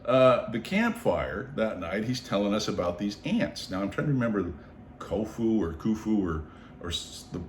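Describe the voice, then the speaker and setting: An older man from the Seattle area, hosting a podcast and telling stories in casual conversation. He is animated, acts out the people in his stories, laughs and repeats words. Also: fairly low pitch, normal speed, a little hiss or hum. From Seattle area, USA. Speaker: podcast host. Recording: roomy echo.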